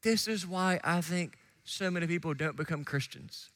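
A man preaching a sermon as pastor, swinging from hushed asides to shouted emphasis and quickly acting out the voices of listeners. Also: fairly high pitch. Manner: acts out listeners and biblical figures in quick quoted asides.

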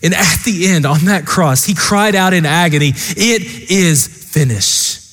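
A man's voice: high-pitched, moderate pace, fairly bright tone, in a large hall. A man preaching a sermon as pastor, earnest and impassioned, speaking straight to the congregation. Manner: earnest, impassioned preaching with repeated direct address.

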